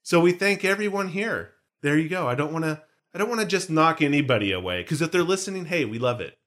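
A man's voice: a little high, expressive, fast talker, a bit bright. A man co-hosting a podcast, chatting casually and joking, rambling from point to point and dropping pop-culture references. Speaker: podcast co-host. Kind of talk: casual chat.

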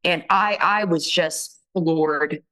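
A woman telling her own story of a painful relationship, halting and emotional, with frequent restarts. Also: low-pitched, pushed and bright, low-quality recording. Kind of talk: personal testimony.

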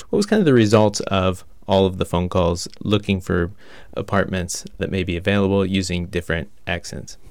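Podcast host guy, smooth clear voice, dry close sound, asks probing questions. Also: low voice, no room sound. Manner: curious, probing. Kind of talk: interview questions.

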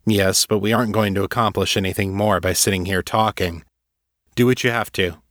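A man's voice: fairly low pitch, steady tone, fairly quick, fairly bright tone, no echo, clean studio sound, lightly acted. A man voicing a resolute guard who speaks firmly and matter-of-factly. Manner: firm and matter-of-fact.

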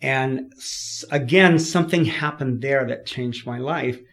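A man from California, a podcast guest, telling his story in a lively way, laughing often and acting out what people said. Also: medium pitch, a little slow. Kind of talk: storytelling in an interview.

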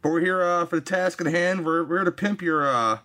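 Male podcast host, crisp bright voice, hesitant casual chat. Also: on the high side, fairly quick. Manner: rambling, hesitant with fillers. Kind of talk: casual interview.

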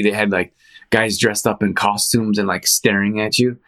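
A man hosting a show, chatting casually in a rambling, animated storytelling way with frequent restarts and fillers. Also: lowish voice, normal speed. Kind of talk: casual chat.

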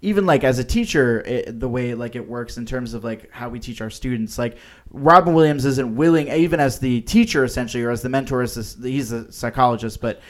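A podcast co-host chats casually about films in an ordinary mid-pitched voice. He sounds hesitant and loose, circling back, restarting sentences, and filling gaps with plenty of "um" and "like."

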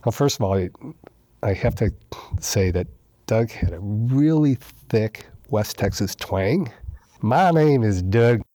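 A man guest in a casual interview, telling his recovery story with lively retellings, acting out quoted dialogue and repeating lines for emphasis. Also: fairly low pitch, unhurried, dry recording.

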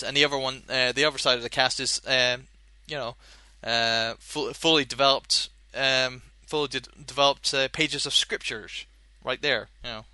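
A man's voice: medium pitch, bright, forceful tone, no echo. A young man hosting a podcast, rambling in a casual chat with many fillers and restarts while chewing gum. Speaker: podcast host.

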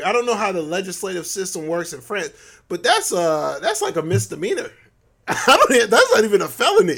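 A man hosting a solo podcast, talking loosely and joking, often breaking into laughs. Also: high voice. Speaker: podcast host. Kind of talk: casual solo podcast monologue.

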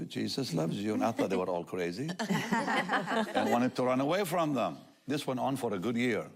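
An older man speaking as a talk show guest, telling a personal testimony in an animated way, often laughing and acting out what others said. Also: lowish voice.

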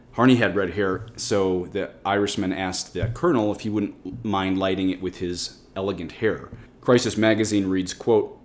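A Catholic priest preaches in a lowish voice, leaning hard on his key words and swinging them up for emphasis. His delivery is a forceful pulpit sermon.

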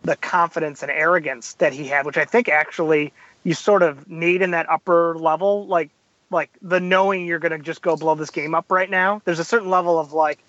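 A man's voice: fairly high pitch, brisk, no echo, dull audio. A man guest on a podcast, chatting casually and acting out quotes as he tells stories. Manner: animated storyteller, acts out quotes.

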